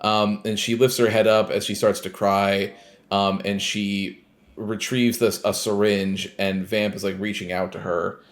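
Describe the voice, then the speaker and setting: A man's voice: fairly low pitch, unhurried. A man co-hosting a podcast, casually recapping a game and acting out scenes in snarky mock voices. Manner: animated storyteller who acts out scenes in snarky mock voices. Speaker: podcast co-host.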